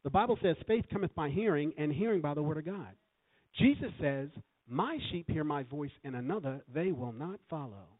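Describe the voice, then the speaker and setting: A man's voice: fairly high pitch, moderate pace. A man preaching as a guest in a church, calling for responses from the congregation. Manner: lively, calls for congregation responses. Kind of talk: sermon. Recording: tinny phone-like sound.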